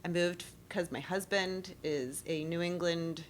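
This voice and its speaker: Middle-aged woman from Maryland, guest, chatty, lowish voice, faint rumble. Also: steady tone, unhurried. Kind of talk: casual interview chat.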